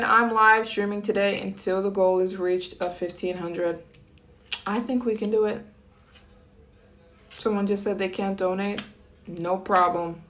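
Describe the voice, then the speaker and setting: A young woman from the United States talks casually on a live stream and addresses her viewers directly. She speaks slowly and unhurriedly, in a mid-pitched voice, as she greets and thanks people in the chat. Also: fairly bright tone, slight background noise. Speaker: travel vlogger live streaming.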